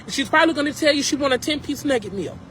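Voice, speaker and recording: A man's voice: extremely high pitch, expressive, very fast, bright, forceful tone, a little hiss or hum, low-quality recording. Upset man ranting at viewers from his car. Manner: emphatic, repetitive, addresses viewers directly. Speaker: vlogger. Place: in a car at a drive-thru.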